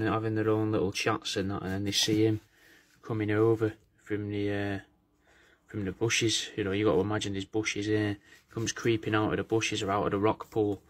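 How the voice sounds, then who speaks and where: A man rambling casually to camera in a comedic monologue, full of restarts, swearing and "mate". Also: on the low side. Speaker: comedy vlogger playing a taxidermist.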